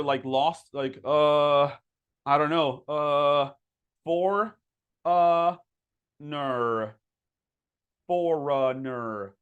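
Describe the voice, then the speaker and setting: Man, native Spanish speaker, casual webinar teacher, filler-heavy chat, slow modeled words. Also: on the high side. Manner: chatty, many fillers, slows down to model words. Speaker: pronunciation teacher.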